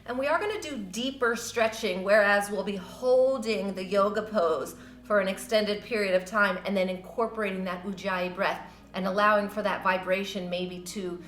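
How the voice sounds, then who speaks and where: A woman teaching a yoga class, guiding breathing and stretches in a gentle, encouraging, loosely conversational way. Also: mid-range voice, steady tone, moderate pace, hardly any pauses, a little hiss or hum. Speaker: yoga instructor. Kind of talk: guided yoga class instruction. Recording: roomy with soft music behind.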